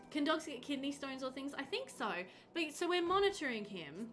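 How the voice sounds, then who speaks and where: A woman streaming a game live, chatting with her viewers, reading their comments aloud and reacting with bright exclamations. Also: high voice, animated, normal speed, background noise. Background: game music.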